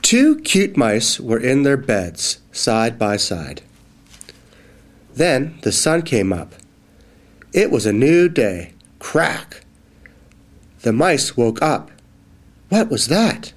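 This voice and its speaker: Very slow, expressive children's book reader. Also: male voice, mid-range voice. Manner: slow, clearly enunciated, expressive. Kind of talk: reading a children's phonics book aloud.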